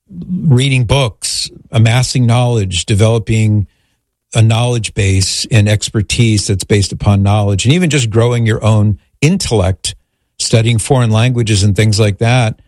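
A man's voice: lowish voice, measured pace, a little mellow, dry recording, clean studio sound. A man hosting a call-in radio show, talking conversationally between clips and callers.

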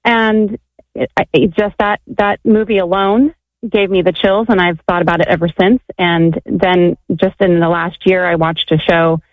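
A woman's voice: lowish voice, fairly even intonation, normal speed, dry recording. Woman calling a radio show, rambly and chatty, tinny phone sound, dry. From California. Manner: chatty, rambling, many fillers. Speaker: caller.

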